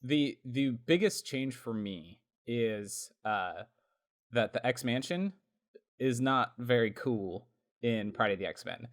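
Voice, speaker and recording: A chatty man co-hosting a podcast, talking in a loose, unscripted way with plenty of "like" and "um." His voice sits at a middle pitch, and he breaks into laughter easily as he tells his story. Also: slow pace. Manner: chatty, laughs often, lots of fillers. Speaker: podcast co-host. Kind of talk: casual podcast chat.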